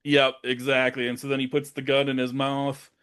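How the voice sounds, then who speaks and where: Co-hosting a casual podcast about movies, this young man retells scenes with animation and acts out characters' lines amid lots of swearing. Yet his mid-range voice is delivered completely flat at a moderate pace, with a fairly bright, clean tone.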